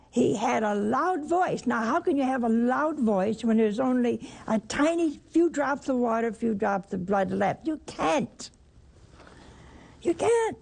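A woman's voice: fairly high pitch, creaky, darkish tone, husky. An older woman preaching a sermon, emphatic, asking rhetorical questions and repeating her phrases.

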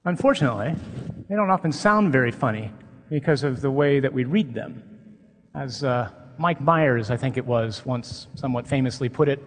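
A male priest giving a conference sermon, emphatic and humorous, with an animated preaching manner. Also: mid-range voice, normal speed. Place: large conference hall. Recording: long hall reverb.

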